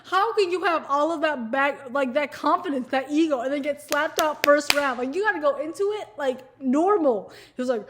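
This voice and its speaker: A young woman talking casually to camera in an animated, profane rant, sometimes mocking people in put-on voices. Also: high-pitched, normal speed, hardly any pauses. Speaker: vlogger. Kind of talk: casual ranting chat to camera.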